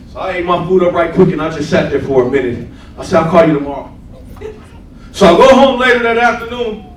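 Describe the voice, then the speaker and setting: A man preaching a sermon and telling his own testimony, acting out scenes and laughing as he goes. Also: sits high. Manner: animated storyteller, acts out scenes, laughs often. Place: church sanctuary. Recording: echoey church, mic from a distance, faint room noise.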